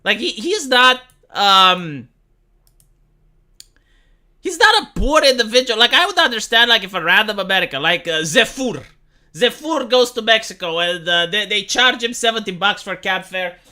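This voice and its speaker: A man giving live-stream reaction commentary, sarcastic and rambling, with casual swearing. His pitch leaps up and down a lot. The tone is bright and sharp. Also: lively intonation, normal speed. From Romania.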